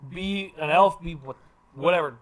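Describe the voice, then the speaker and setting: A man's voice: on the high side, moderate pace, a bit bright. A man from Canada co-hosting a podcast, mostly agreeing in short, easygoing replies. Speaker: podcast co-host. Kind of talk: casual chat.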